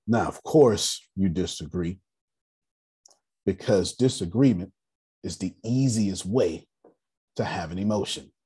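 A husky-voiced man addresses a group, talking bluntly and joking as he teaches. His low voice swings widely in pitch while he tells his story, and he hammers his points home by repeating them. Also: dark tone. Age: 30s. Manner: emphatic, repeats key phrases, blunt and joking. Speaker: meeting leader teaching personal finance. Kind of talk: animated storytelling talk to a group.

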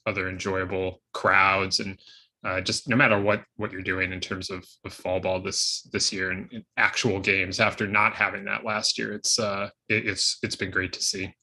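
A man's voice: low voice, flat delivery, moderate pace, pushed and bright. A man co-hosting a sports podcast in casual chat, loose and full of filler words and restarts. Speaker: podcast co-host.

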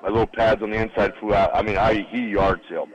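A man with a lower voice tells a long anecdote as a radio guest. He is middle-aged and acts out the people in his story, jumping up in pitch when he quotes them. It is a casual, chatty interview. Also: flat delivery, fast, lo-fi sound. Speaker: guest, former college football lineman. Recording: radio broadcast studio.

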